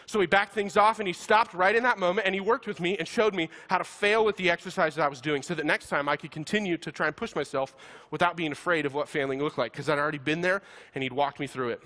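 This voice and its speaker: Male pastor, bright and forceful tone, animated comic sermon storyteller. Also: a little high, fast. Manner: animated, self-deprecating, laughs while talking.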